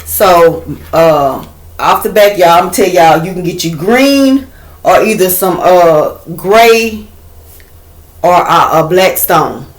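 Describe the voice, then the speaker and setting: A woman's voice: fairly low pitch, animated, takes it slowly, echoey room. A woman giving a casual tarot reading to her viewers, blunt and chatty, swearing freely and talking straight to them. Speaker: tarot reader.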